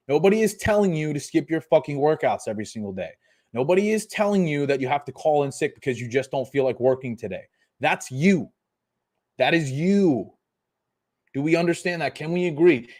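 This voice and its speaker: A man's voice: a little high, darkish tone. Profane, fired-up young male fitness coach. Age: 20s. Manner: profane, emphatic motivational ranting. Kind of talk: live podcast rant.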